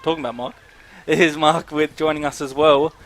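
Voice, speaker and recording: A man calling play-by-play at a local football game in a steady way. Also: on the high side, moderate pace, a little hiss or hum. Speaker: football commentator. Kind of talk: play-by-play commentary.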